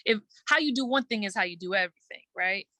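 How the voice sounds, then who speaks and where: A woman guest in a casual interview, telling her story earnestly and quickly, acting out her own thoughts and using many "like" fillers. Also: medium pitch, lively intonation, pushed and bright, dry recording. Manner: earnest, fast storytelling with quoted self-talk and many "like" fillers. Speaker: guest entertainer.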